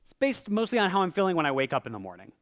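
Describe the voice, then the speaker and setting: Lively stand-up comic doing rhymes. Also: male voice, high-pitched. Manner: playful, theatrical, quick vocal impressions. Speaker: stand-up comedian. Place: live comedy stage with audience.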